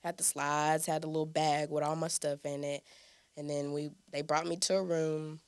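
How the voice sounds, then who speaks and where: A young woman hosting a podcast, telling a personal testimony in an animated, conversational way and often turning to her listeners. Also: deep voice, normal speed, clean tone, no room sound. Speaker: podcast host. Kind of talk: casual testimony storytelling.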